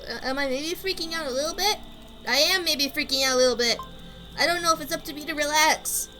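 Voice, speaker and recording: A woman's voice: high voice, steady tone, fast talker, bright, forceful tone, soft background music, voice pushed up, poor audio. Woman voicing a jittery, fretful young man. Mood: anxious. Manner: anxious and fretful. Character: nervous young man at a campsite.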